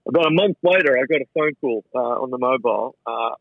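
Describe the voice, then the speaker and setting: A man's voice: medium pitch, fast, no room sound, phone-quality sound. A man with an Australian accent, a chef telling stories from his career in a casual interview, often stumbling and repeating words as he goes. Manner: chatty, stumbling repetitions of words. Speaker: chef and restaurateur, interview guest. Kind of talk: casual anecdotal storytelling.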